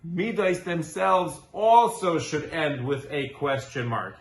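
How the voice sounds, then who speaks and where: A man's voice: a little high, animated, slow, few pauses. A man giving a Torah class as a rabbi, earnest and full of rhetorical questions, weaving in Hebrew and Yiddish terms. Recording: roomy echo.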